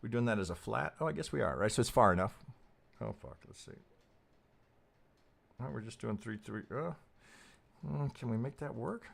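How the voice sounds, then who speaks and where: A man's voice: lively intonation, moderate pace, gravelly, pauses often, breathy edge. A man hosting a casual trading live stream, thinking aloud as he goes, swearing freely and asking "right?" again and again. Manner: pitch jumps up when emphatic, drops low and soft when muttering.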